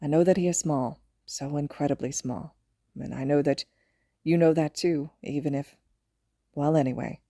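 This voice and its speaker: A soft-spoken young father , voiced by a woman reading a podfic, pausing and halting as he speaks with quiet affection. The voice sits low and mellow. The recording is close and dry. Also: steady tone, no room sound. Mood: tender. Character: tender, gentle young father.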